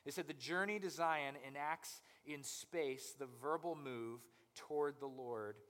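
A young man preaching a conversational sermon as pastor, animated and acting out people's inner voices. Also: on the high side, measured pace, big-room sound.

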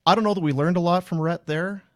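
Canadian man, podcast co-host, slightly high voice, close dry studio mic, laughs through his stories. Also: fast talker, no room sound. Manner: storytelling, laughs often, trails off softly. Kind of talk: casual chat and live ad read.

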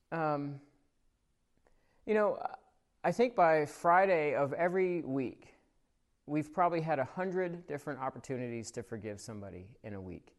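A man, a pastor, giving a casual, conversational sermon at a church service recorded for online viewers. He tells stories with frequent fillers, growing animated in the telling and softening when reflecting. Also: fairly high pitch, a little slow. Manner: grows animated and louder in the story, soft when reflecting.

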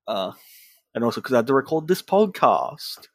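A man chats loosely on a podcast, sounding worn out and poking fun at himself. His voice sits in an ordinary middle pitch. The sound is dry, with no room echo. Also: big pitch swings, moderate pace. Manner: self-deprecating, tired and offhand. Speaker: podcast co-host. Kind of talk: casual chat.

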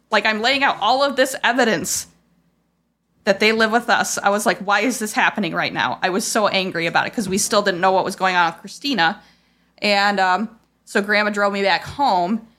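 A woman hosting a podcast recounts a painful family memory, rambling casually, leaning heavily on "like" and "I was like" quotes, and sounding raw and frustrated. Her voice is mid-range with a sharp tone.

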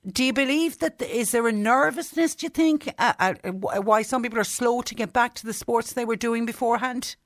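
A woman's voice: a little high, a little fast, few pauses, dry recording. A woman hosting a radio interview in a chatty, friendly manner, speaking from a studio. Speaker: radio show host.

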